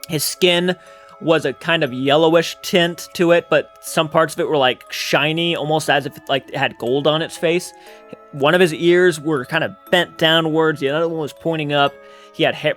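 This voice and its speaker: A man's voice: on the high side, fairly bright tone. A man hosting his own channel, telling a paranormal experience in a casual, rambling, earnest way and swearing freely. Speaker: channel host.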